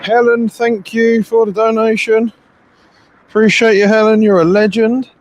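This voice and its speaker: Male streamer thanking donors, higher voice, faint outdoor noise. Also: level tone, moderate pace, rough recording. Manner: reads the chat and thanks donors. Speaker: live streamer. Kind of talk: live stream chat.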